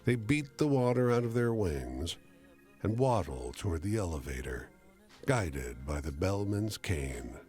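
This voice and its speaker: A man's voice: low-pitched, very animated, measured pace, a little mellow, soft background music. A man giving scripted storyteller narration for a narrative adventure game.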